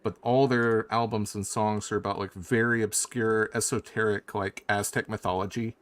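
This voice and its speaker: A male game designer guest chatting loosely and excitedly over a video call, with many fillers. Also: on the low side, normal speed. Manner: loose and animated, heavy on fillers. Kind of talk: casual chat. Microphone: video call mic.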